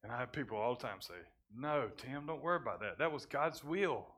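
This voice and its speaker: Man preaching, hushed to booming. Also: animated. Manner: swings from hushed confession to loud preaching; halting restarts when emotional. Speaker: pastor. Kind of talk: sermon testimony.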